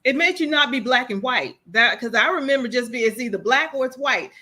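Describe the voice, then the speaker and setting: This is a woman life coach talking as a guest in a conversational interview. Her voice is high-pitched and bright, and she is an animated storyteller who keeps circling back to key phrases. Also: brisk.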